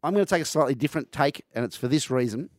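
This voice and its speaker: A man's voice: medium pitch, lively intonation, very fast, no echo, clean studio sound. A man co-hosting breakfast radio, chatting passionately with lots of ums and restarts. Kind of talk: casual radio chat. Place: radio studio. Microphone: close studio mic.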